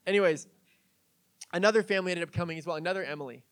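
A man's voice: high-pitched, racing, a bit bright. A young man preaching a sermon in a casual, conversational way, telling stories with fillers and light jokes. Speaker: pastor.

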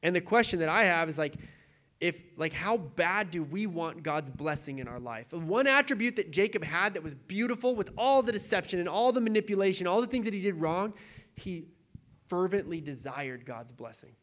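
A man's voice: high voice, lively intonation, normal speed, fairly bright tone. A young adult man preaching a sermon as a pastor, in a casual, conversational way with lots of fillers, sometimes turning tearful. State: tearful, voice breaking.

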